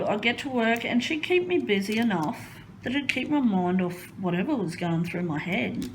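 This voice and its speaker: Aussie lady crafting and chatting slow, rambly, lots of ums, faint hiss behind. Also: medium pitch, rough recording. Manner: rambling, hesitant, many ums. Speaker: crafting vlogger. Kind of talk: casual chat while crafting.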